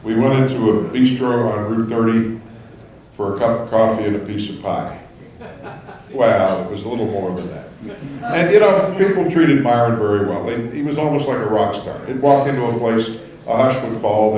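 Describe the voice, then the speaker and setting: A man at a mid-range pitch gives after-dinner remarks and tells a story with a smooth, practiced touch. His voice rings around a large hall, picked up from a distance. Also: normal speed, a little mellow. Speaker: banquet speaker. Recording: echoey hall, mic far off.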